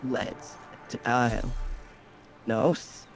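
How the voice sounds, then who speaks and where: A man's voice: medium pitch, flat delivery, extremely slow, vocal fry. Man teaming up in a game, dry teasing asides, casual chat, faint music behind. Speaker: co-player.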